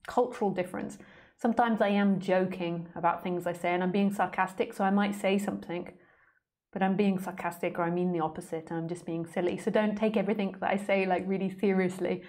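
A woman's voice: medium pitch, darkish tone. A woman hosting a casual spiritual live stream, playful and joking with frequent laughs.

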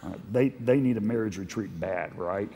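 A man's voice: fairly low pitch, moderate pace, warm tone, slight background noise. A male pastor preaching a conversational sermon to a live congregation, building to emphatic, repeated points. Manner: conversational preaching, with rising intensity and emphatic repetition. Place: church sanctuary. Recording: long hall reverb.

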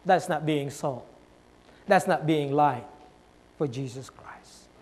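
A male pastor with a notably high voice delivers a sermon. He drives his points with repeated rhetorical questions. He swings from loud stresses down to soft, low asides. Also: takes it slowly, in a large hall.

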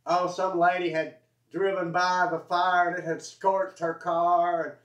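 A man's voice: high voice, little pitch movement, a little slow, fairly bright tone. A man with a Southern US accent telling a rambling, chuckling farm story, often correcting himself mid-sentence. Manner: rambling, self-correcting, chuckling folksy delivery. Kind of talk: casual spoken anecdote. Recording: echoey room, dull lo-fi audio.

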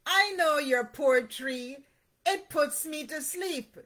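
A woman's voice: high-pitched, takes it slowly, a bit bright, voice pushed up. A woman reading the lines of a grumpy, snooty male frog in a children's storybook, bored and dismissive.

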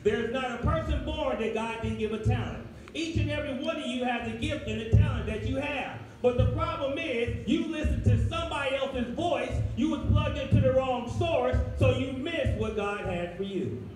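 A man preaching a folksy, animated sermon as pastor. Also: very high voice, moderate pace, few pauses. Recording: echoey room, far from the mic, music behind.

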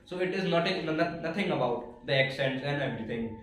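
Indian man, halting in an echoey room. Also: fairly high pitch, animated. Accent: Indian English. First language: Hindi. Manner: halting, with frequent restarts and fillers. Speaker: student giving a testimonial. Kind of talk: prepared speech to a class. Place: classroom, indoors. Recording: echoey room from a distant mic.

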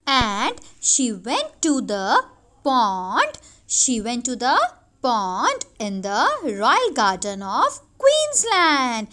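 A woman's voice: a little high, huge pitch swings, drawn-out words, bright, forceful tone. A woman reading a nursery story to young kids, stretching out letter sounds in a sing-song way. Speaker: nursery teacher. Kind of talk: online children's lesson.

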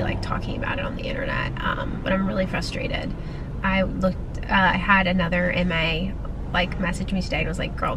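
Talking to the camera in a relaxed vlog, this twenty-something nurse practitioner rambles and vents, filling gaps with lots of fillers. She has a fairly low, gravelly voice, and there's noise in the background.

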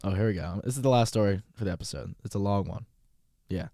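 Man, podcast host, quick delivery, mellow dark tone, blunt and rambling, casual commentary. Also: lowish voice, creaky, dry recording, studio quality. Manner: blunt, profane, rambling with restarts.

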